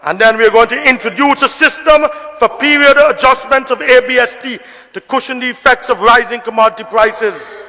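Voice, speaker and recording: A very high-voiced man delivers a forceful, bright-toned parliamentary speech, hammering his points with repetition and bursts of shouting. His voice rings with the long reverb of a debating chamber. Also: a little fast, hardly any pauses. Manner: emphatic, repetitive oratory, rising to shouts. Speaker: member of parliament.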